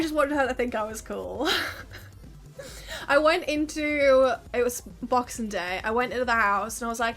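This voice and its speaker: A woman's voice: on the high side, unhurried, fairly bright tone, soft background music. A woman in her early twenties chatting casually on a live stream, telling stories with frequent laughs and swearing.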